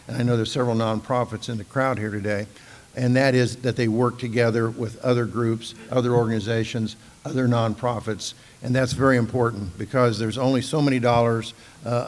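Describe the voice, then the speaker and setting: A man speaking for the city, giving formal public remarks at a charity event in a measured way. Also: medium pitch. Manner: measured, steady delivery with filler "uh"s.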